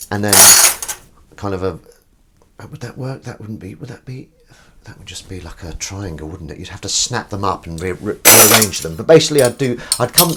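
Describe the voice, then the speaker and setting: A man's voice: lowish voice, heavy background noise. A man hosting a livestream while washing up, chatting in a rambling, self-deprecating way and reading out viewers' comments. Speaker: livestream host. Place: home kitchen at the sink. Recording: kitchen with clattering dishes and cutlery behind.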